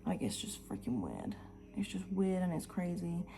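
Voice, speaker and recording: A woman's voice: lowish voice, wildly swooping pitch, normal speed, vocal fry, warm tone, a little hiss or hum. A woman at home in the early morning, talking earnestly to camera in a motivational vlog and often dropping to a whisper. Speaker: vlogger. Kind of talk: heartfelt motivational talk to camera.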